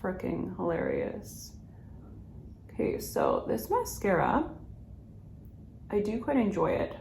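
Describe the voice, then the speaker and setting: A woman's voice: mid-range voice, huge pitch swings, takes it slowly, gravelly, darkish tone, echoey room, a little hiss or hum. A woman, chatting through a makeup routine and rambling with lots of "like" and laughter. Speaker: beauty vlogger. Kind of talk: chatty get-ready-with-me.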